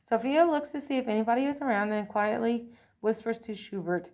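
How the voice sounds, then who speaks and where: A woman's voice: on the high side, brisk. Woman reading a picture book aloud. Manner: expressive, occasional slips and throat-clearing. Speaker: storybook reader.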